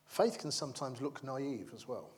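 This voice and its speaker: A man's voice: mid-range voice, lively intonation, normal speed, darkish tone. A man preaching a sermon in a chatty, humorous way, checking in with the congregation and acting out the figures in his stories. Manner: conversational, keeps asking the congregation "yeah?"; acts out the crowd and characters in the stories.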